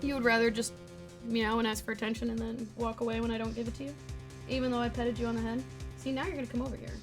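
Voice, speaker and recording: A woman's voice: on the high side, flat delivery, quick pace, music in the background. A young woman streaming from home, chatting casually and teasing her cat in a playful way. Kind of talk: casual live-stream chat.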